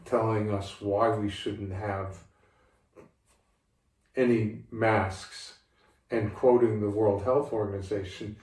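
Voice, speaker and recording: An older man being interviewed by his daughter, speaking in a measured, deliberate way with frequent restarts. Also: on the low side, fairly even intonation, darkish tone. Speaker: interviewee, father of the host. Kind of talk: casual conversational interview. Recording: echoey room, mic at a distance, faint background hiss.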